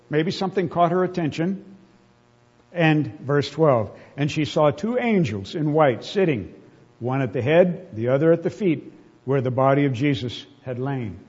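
A man's voice: fairly high pitch, darkish tone, husky. A man preaching a sermon, reading scripture aloud with earnest, emotional emphasis. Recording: dull reverberant hall.

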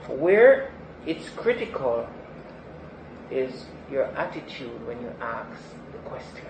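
A man's voice: mid-range voice, sing-song, slow pace, noisy background. A man preaching a sermon in an earnest manner, repeating key phrases for emphasis. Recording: echoey, slightly dull sanctuary recording.

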